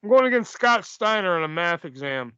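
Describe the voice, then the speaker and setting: Male podcast host, high voice, laughy, lo-fi. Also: sing-song, fairly quick, pushed and bright, clear, resonant tone, no room sound. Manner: laughs often, runs the segments. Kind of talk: casual chat. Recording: dull lo-fi dry podcast mic.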